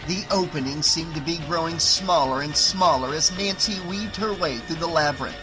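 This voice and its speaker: A man narrating an audiobook in a steady, dramatic reading style. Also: a little high, normal speed, music in the background, low-quality recording. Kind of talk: scripted narration.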